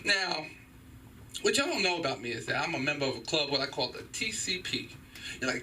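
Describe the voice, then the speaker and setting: A middle-aged man doing a stand-up set in a small comedy club, animated and profane as he acts out loud voices. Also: fairly high pitch, a little fast, far from the mic, a little hiss or hum, low-quality recording. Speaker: stand-up comedian at an open mic.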